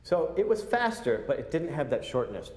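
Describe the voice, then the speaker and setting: At a moderate pace and fairly high pitch, a man coaches players through a clarinet masterclass, joking animatedly and counting them in. He's in a large recital hall, and the recording sounds roomy with faint ambience.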